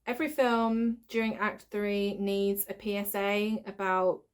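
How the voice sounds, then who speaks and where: A woman's voice: mid-range voice, fairly even intonation, measured pace, clean tone, faint music behind. A woman hosting a reaction video, mocking a film with sarcastic, exasperated commentary and frequent swearing.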